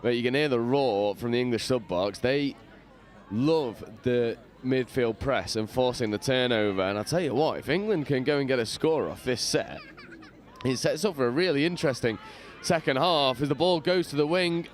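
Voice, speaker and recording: A man's voice: medium pitch, normal speed. Man commentating live from the sideline. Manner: lively play-by-play with casual slang. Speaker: match commentator. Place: on a balcony above the sideline at an outdoor sports ground.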